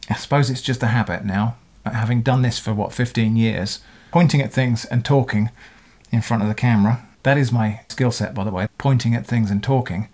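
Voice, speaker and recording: Middle-aged man, casual talk to camera, rambling, self-correcting, mid-pitched voice. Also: fairly quick, darkish tone. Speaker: video creator answering comments.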